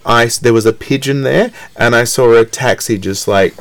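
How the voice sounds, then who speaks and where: A young man tells an anecdote with animated energy and briefly puts on other people's voices. His pitch sits in a middle range. The recording is dry and close, with no room sound. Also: moderate pace, no echo. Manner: animated, acts out quoted voices. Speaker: guest. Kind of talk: casual storytelling.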